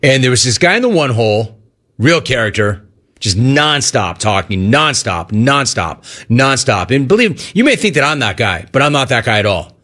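A man hosting sports talk radio tells a rambling, jokey story and acts out its voices. His mid-range voice is a bit bright, swings widely in pitch, and moves at a moderate pace.

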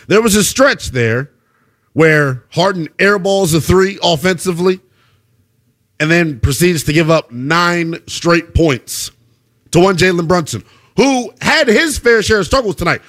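A man hosting a post-game basketball show, giving emphatic, animated analysis and repeating points for effect. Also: high-pitched, measured pace. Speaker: sports show host.

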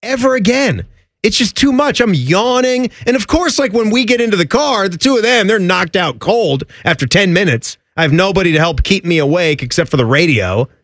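A man's voice: fairly quick, no room sound, clean studio sound. A middle-aged man co-hosting a sports radio show, telling stories in casual banter with big swings in his voice. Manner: animated storyteller, high jumps when telling a story. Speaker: radio co-host.

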